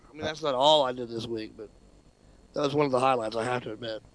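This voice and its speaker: A man's voice: mid-range voice, fast talker, slight background noise. A man co-hosting a casual radio talk show, telling a story with lots of laughter and swearing. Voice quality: animated, swearing, laughs often.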